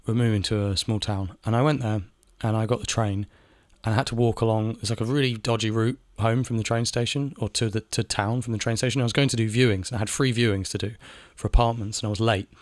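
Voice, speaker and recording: A man's voice: lowish voice, steady tone, fast talker, few pauses, no echo, studio quality. A man talking in a casual monologue, ranting, repeating phrases and swearing now and then. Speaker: video essayist. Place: home in Spain.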